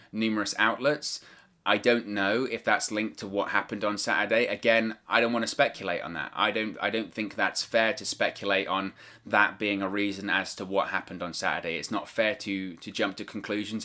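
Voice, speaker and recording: A man delivers solo news commentary in a fairly low voice with a bright, forceful edge. He talks cautiously, stumbling and repeating words as he picks his phrasing. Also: fairly even intonation, moderate pace. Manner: hesitant, repeats words, stumbles while choosing words carefully. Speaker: wrestling news vlogger.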